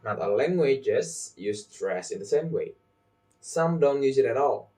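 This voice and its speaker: Slow, deliberate young man teaching stress. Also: medium pitch, expressive, warm tone, recorded from a distance. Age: young adult. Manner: slow, deliberate, repeats example sentences with marked stress. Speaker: student presenter. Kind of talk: recorded phonology lesson. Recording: voice set back from the mic.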